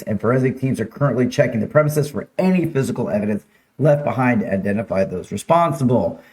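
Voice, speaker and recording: A man hosting a casual live-streamed local news show, chatting with viewers and talking over slides. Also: medium pitch. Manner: chatty, upbeat, reads viewer names and slides aloud.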